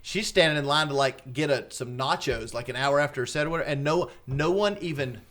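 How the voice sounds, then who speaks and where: A man's voice: fairly high pitch, fairly quick, fairly bright tone. Profane storytelling man on a podcast. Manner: profane storyteller who acts out quotes. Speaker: podcast regular. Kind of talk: casual chat.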